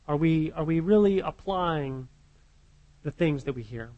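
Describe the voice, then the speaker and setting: A man's voice: on the high side, a little slow, darkish tone, low-quality recording. A man preaching a sermon, earnest, repeating his words and putting questions to his listeners.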